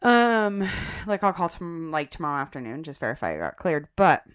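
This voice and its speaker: A woman co-hosting a podcast, telling a personal story in casual chat. She is animated, laughs often and addresses the listeners as guys. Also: sits low, normal speed, clear, resonant tone. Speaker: podcast co-host.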